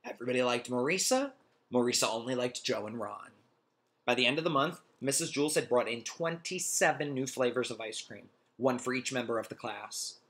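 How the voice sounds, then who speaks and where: A man reading a children's storybook aloud in a friendly, expressive, animated way. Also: mid-range voice, brisk. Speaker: reader.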